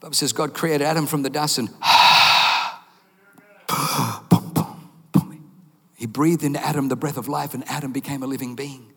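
A man preaching a sermon, telling stories in an animated, jokey way and acting out voices, heard with a long hall reverb. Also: mid-range voice, measured pace, gravelly, breathy edge.

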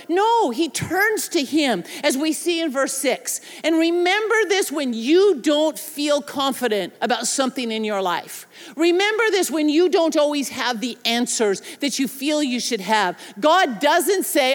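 A woman's voice: high-pitched, very animated, measured pace, long reverb tail. A woman pastor preaching a sermon, chatty and laughing, mixing personal stories with scripture and playful asides.

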